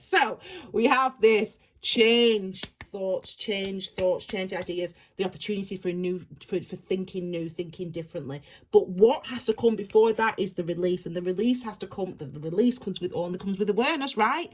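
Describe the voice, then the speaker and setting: A woman's voice: lowish voice, quick pace, few pauses, a little mellow. A woman giving an intuitive tarot reading, talking in a reflective, rambling way with many restarts. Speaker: tarot reader.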